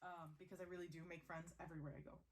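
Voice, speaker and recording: A woman's voice: fairly low pitch, little pitch movement, racing, a little hiss or hum. A woman chatting casually while she sews, rambling with fillers and small laughs. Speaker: sewing vlogger. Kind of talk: casual chat while sewing.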